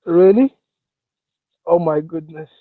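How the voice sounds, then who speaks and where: A man's voice: on the high side, slow, no echo. A man on a video call, talking as a panelist, flustered and stammering with mock indignation. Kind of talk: casual chat on a video call. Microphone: video call microphone. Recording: dull lo-fi call audio.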